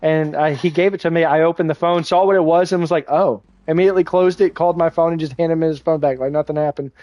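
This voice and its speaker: A man's voice: fairly high pitch, fairly even intonation, quick pace, dark tone, dry recording. Rambling young man on a dry mic. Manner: rambling storyteller, swears casually. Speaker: streamer. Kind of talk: casual livestream chat while gaming.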